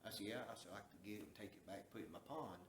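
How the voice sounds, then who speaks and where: A man's voice: fairly low pitch, animated, very fast, a little hiss or hum. A man from the Southern US telling a long story in a folksy, drawling way, acting out what people said. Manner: folksy, drawling, acts out quoted dialogue. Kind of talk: casual storytelling. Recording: echoey room.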